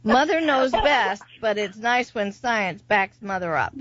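A middle-aged woman co-hosting a radio talk show, steady and advising, often agreeing aloud. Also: medium pitch, unhurried, dry recording, dull audio. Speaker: radio show co-host, guest's mother.

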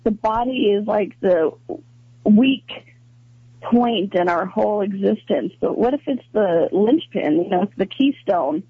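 Chatty woman radio co-host, husky voice. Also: medium pitch, expressive, unhurried, narrow, tinny audio. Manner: chatty, laughs often, many fillers. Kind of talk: casual radio talk. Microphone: studio microphone.

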